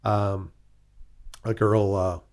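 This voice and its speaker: A man's voice: lowish voice, little pitch movement, drawn-out words, darkish tone. A man with a Chicago accent, a guest in an interview, who tells rambling stories full of fillers and restarts. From southwest side of Chicago. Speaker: guest, whisky ambassador. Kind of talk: casual interview storytelling.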